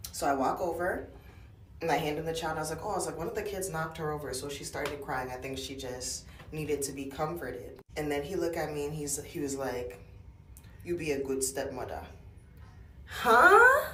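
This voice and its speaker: A woman's voice: low voice, slight background noise. A woman casually telling a story and acting out the dialogue. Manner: animated, acts out the dialogue. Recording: roomy echo, from a distance.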